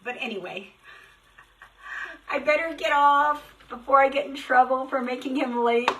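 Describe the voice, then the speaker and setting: A middle-aged woman hosting a casual live craft stream, chatty and rushed, greeting viewers by name. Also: high voice, fairly bright tone, recorded from a distance, slight background noise, poor audio. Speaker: craft shop host.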